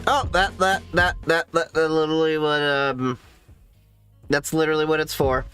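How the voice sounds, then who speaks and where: A man's voice: fairly high pitch, flat delivery, moderate pace, fairly bright tone, soft background music. A man hosting a casual livestream, rambling and swearing freely as he reacts to viewer chat from a home setup. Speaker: livestream host.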